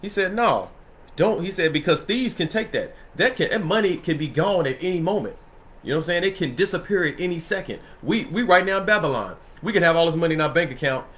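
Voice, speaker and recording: A man in a relaxed Bible study who teaches the scripture in a loose, conversational way, laughing often and checking in with his listeners. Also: on the high side, fast. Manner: loose and conversational, laughs often, asks "you know what I'm saying?".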